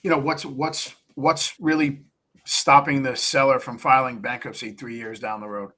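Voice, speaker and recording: A man's voice: mid-range voice, little pitch movement, moderate pace, pushed and bright. A man being interviewed on a live stream, coaching investors in a blunt, plain-spoken way and acting out talks with sellers. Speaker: real estate investor guest.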